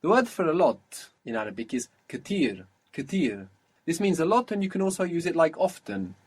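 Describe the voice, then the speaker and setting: A man's voice: fairly high pitch, sing-song, brisk, husky. A man teaching a language lesson, patiently modelling and repeating each phrase for his student.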